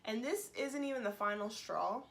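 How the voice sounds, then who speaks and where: A woman's voice: fairly high pitch, normal speed, vocal fry, a little hiss or hum. Exasperated woman venting to camera. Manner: animated, exasperated, many restarts and sighs. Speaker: beauty vlogger. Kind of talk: casual vlog talk to camera.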